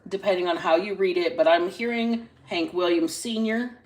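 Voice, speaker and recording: A woman hosting a casual live-stream reading into a phone, chatty and salty, stretching out single words between quick asides. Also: lowish voice. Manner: chatty, drawls single words then talks fast. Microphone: phone camera.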